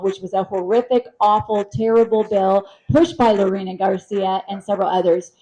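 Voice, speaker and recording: Female moderator, middle pitch, earnest and emphatic. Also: mellow, rough recording. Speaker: panel moderator. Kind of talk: moderating a panel.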